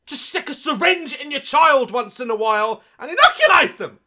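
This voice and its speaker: A man hosting a comedic reaction video, loud and mocking, swearing often and laughing between rants. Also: very high-pitched, lively intonation, normal speed.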